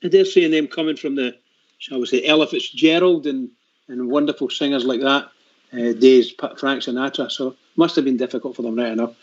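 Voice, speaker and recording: A man's voice: medium pitch, steady tone. Older Scottish man reminiscing. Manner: reminiscing, halting with restarts. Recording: dull lo-fi radio sound.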